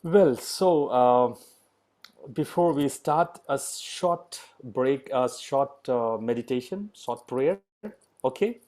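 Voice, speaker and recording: A middle-aged man leading an online yoga class, speaking slow, halting English with many pauses and fillers. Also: medium pitch, darkish tone. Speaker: yoga teacher.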